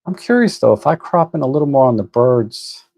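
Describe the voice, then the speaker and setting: Relaxed man hosting a live photo edit. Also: mid-range voice, brisk, gravelly, dry recording. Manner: relaxed, thinks aloud with fillers and restarts. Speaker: photo editing livestream host. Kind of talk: casual live stream commentary. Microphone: desk microphone.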